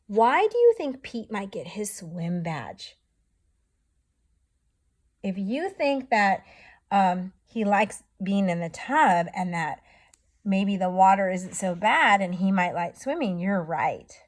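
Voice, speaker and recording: A woman teacher reading a storybook to young children, asking gentle, encouraging questions. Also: mid-range voice, lively intonation, slow.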